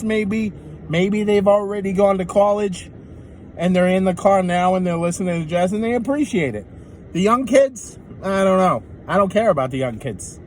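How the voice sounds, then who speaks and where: Rideshare vlogger, male, high voice, rambling and self-mocking, faint street noise. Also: poor audio. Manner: jokey, self-mocking, full of asides. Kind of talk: casual rambling monologue.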